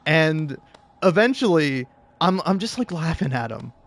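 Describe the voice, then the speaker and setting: Young man, higher-pitched voice, rambling casual storytelling, swears a lot, laughs often. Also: big pitch swings, a little slow. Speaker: streamer. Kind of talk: casual storytelling while gaming.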